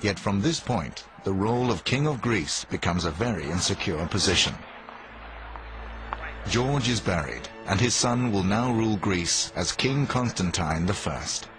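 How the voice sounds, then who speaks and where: A man giving scripted, measured narration for a history documentary. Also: deep voice, expressive. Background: music.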